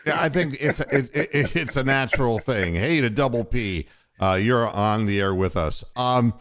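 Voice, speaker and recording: A man's voice: medium pitch, normal speed, a bit bright. An older man hosting a casual sports talk show, telling rambling, profane stories from his years running a radio station. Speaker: podcast host and former radio station boss.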